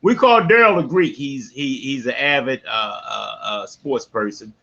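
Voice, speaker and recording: A man with a Baltimore accent hosting a casual live sports podcast from his man cave, talking in loud, slangy, folksy bursts. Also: mid-range voice, animated, unhurried, vocal fry, lo-fi sound. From West Baltimore. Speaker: podcast host.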